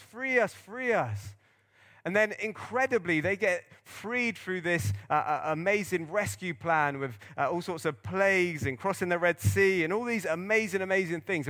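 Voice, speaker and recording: A male pastor preaching a sermon to his congregation in an earnest, animated storytelling manner. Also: sits high.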